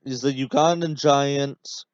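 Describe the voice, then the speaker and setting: A man hosts a casual podcast watch-along, rambling through his thoughts with plenty of fillers and a sarcastic, exasperated edge. His voice sits at an ordinary middle pitch. The recording is dull and dry, with no room sound. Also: steady tone, takes it slowly, no room sound. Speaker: podcast host.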